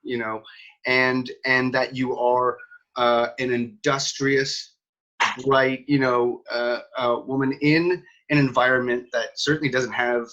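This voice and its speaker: A man's voice: mid-range voice, level tone, fairly bright tone. A man hosts a casual interview in a friendly way, stumbling through restarts and fillers as he talks. The sound is slightly dull and lo-fi. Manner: halting, full of restarts and fillers. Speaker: host.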